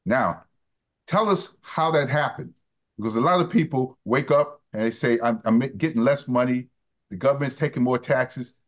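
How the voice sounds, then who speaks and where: New union radio host, lo-fi. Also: male voice, medium pitch, moderate pace. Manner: leading, conversational questioning. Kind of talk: radio interview. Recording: dull lo-fi radio sound.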